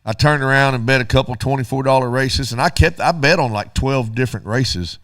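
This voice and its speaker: Man telling a lively story. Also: mid-range voice, fairly quick, dry recording, clean studio sound. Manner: animated, acts out both sides of dialogue. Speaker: radio show co-host. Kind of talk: casual storytelling chat.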